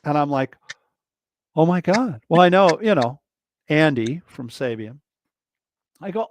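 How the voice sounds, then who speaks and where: With a voice on the high side, this man speaks unhurriedly and leaves long pauses, heard through a video call livestream mic. A guest drummer in a casual interview, he tells rambling, filler-heavy stories with many restarts, animatedly performing other people's lines in a raised voice.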